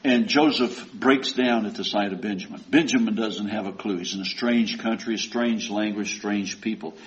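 A man's voice: on the low side, normal speed. A man preaching a sermon and retelling a story in a folksy, conversational way. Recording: dull lo-fi recording.

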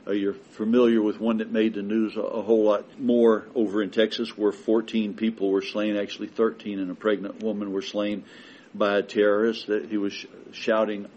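A man preaching a sermon with emphatic delivery that builds to forceful declarations. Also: on the low side, level tone, normal speed, dull audio, slight background noise.

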